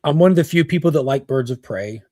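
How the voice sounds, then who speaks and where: A man's voice: fairly high pitch, expressive, fast, dark tone, dry recording, clean studio sound. A man on a casual pop culture panel, giving blunt opinions and swearing freely.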